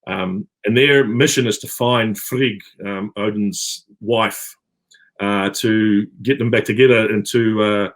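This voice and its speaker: A man's voice: fairly low pitch, fairly even intonation, takes it slowly. A middle-aged man with a New Zealand accent, chatting as an interview guest, rambling with many fillers and restarts. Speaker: actor guest. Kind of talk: casual interview chat.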